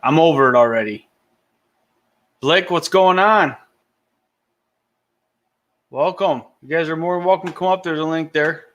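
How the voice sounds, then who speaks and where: A man's voice: on the high side, quick pace, few pauses, lo-fi sound. Easygoing man hosting a morning chat. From Michigan. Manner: laid-back, rambling, restarts often. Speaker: livestream host. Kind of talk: casual morning live chat. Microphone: headphones and computer mic.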